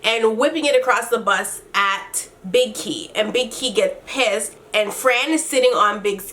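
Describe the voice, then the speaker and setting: A woman's voice: a little high, a little slow, sharp tone, slight background noise. A woman recapping a reality show episode in casual commentary, blunt and exasperated, swearing freely and retelling scenes in quoted dialogue.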